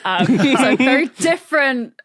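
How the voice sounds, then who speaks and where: A woman's voice: high voice, expressive, measured pace, a bit bright, no echo, studio quality. A woman guest on a podcast puzzle panel, chatting and laughing easily. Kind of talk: casual panel game chat.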